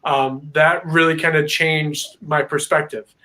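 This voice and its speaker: A man as a guest on a video-call interview, telling a story in a rambling, filler-heavy, animated way. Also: a little high, measured pace. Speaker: paranormal investigator guest.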